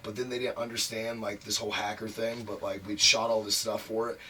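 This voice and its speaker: A man's voice: lowish voice, flat delivery, brisk, sharp tone, recorded from a distance. A man telling a long career story as an interview guest, frank and profane, packing his talk with "like" fillers. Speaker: wrestler guest. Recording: voice a bit off mic, faint noise.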